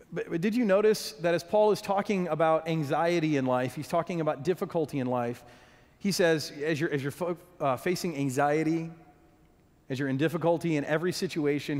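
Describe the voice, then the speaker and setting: A man's voice: a little high, darkish tone. A man preaching a sermon as a pastor, earnest, often restarting and repeating words as he goes. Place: church hall. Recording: long hall reverb.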